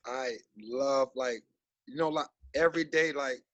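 A man in his thirties, a basketball coach guest on a podcast, talking in an animated, rambling way with many fillers. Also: medium pitch, measured pace, no echo, highs cut off. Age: 30s. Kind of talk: casual podcast interview.

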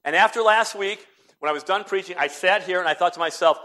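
A middle-aged man preaches from the pulpit, his voice sitting a little high for a man. He drops to soft, hushed phrases and then surges into loud, emphatic preaching. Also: fast. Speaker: pastor. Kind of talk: sermon.

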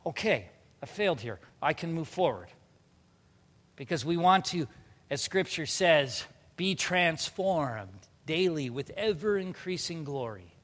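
A man in his thirties preaching a sermon, animated, moving from loud emphatic bursts to quiet earnest passages. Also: on the high side, a little slow, in a large hall. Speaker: pastor.

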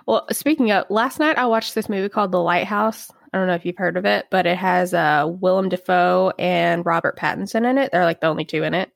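A woman's voice: lowish voice, fairly quick, gravelly, few pauses, no echo, clean studio sound. A young woman with a Southern American accent, co-hosting a casual podcast chat and laughing easily. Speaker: podcast co-host.

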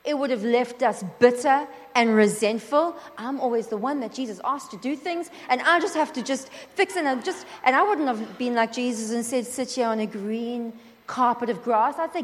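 A woman preaching at a conference, lively and acting out quoted prayers and dialogue. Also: on the high side, normal speed, a little hiss or hum. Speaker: conference speaker. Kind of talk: sermon. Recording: long hall reverb.

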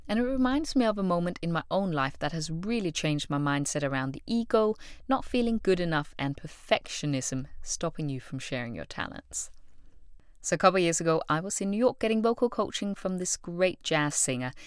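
A woman's voice: fairly low pitch, lively intonation, brisk, clean tone, no room sound, clean studio sound. A woman hosting a solo motivational podcast, telling stories expressively and acting out the voices of people she quotes. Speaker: podcast host.

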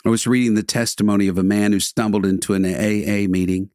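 A man with a fairly low voice delivers a sermon in an earnest, measured way. He leans into dramatic pauses and sinks to a soft, hushed tone for the tender passages. The recording is close and dry, with no room sound. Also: steady tone, dry recording. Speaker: preacher.

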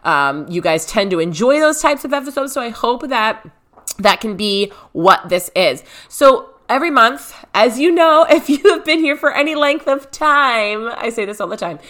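A woman's voice: fairly high pitch, fairly bright tone. Upbeat woman podcast host, thirties, casual and chatty, easy laughs, podcast mic at home. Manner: bubbly and chatty, laughs often. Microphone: podcast microphone.

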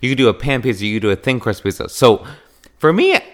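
A podcast host from Wisconsin speaks in a fairly low, rapid-fire voice through an animated, emphatic casual monologue, acting out quoted exchanges.

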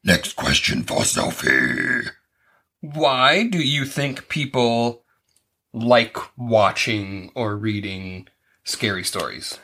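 A man's voice: on the low side, very animated, takes it slowly, pushed and bright. A man hosting a casual podcast, asking a child questions and explaining things plainly. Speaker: podcast host interviewing a child. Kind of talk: casual chat.

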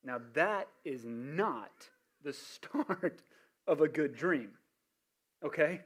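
Male pastor with a high voice, animated sermon storyteller. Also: drawn-out words. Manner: animated storytelling with frequent restarts and asides.

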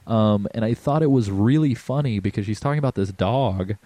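Low voiced guy rambling on a podcast, swears a lot, lots of ums. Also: fairly quick, mellow, no room sound. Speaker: podcast host. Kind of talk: casual podcast chat.

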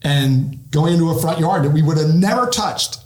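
Middle-aged male guest, lively storyteller, voice a bit high, echoey room. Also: normal speed. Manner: animated storyteller acting out quotes. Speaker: retired police officer, guest. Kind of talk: podcast interview storytelling.

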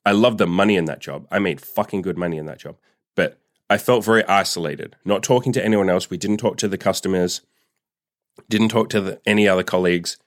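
A man vlogger tells a personal story in a candid, profane storytime monologue, using "like" constantly. His voice is low-pitched and brisk, recorded clean in a studio with no echo.

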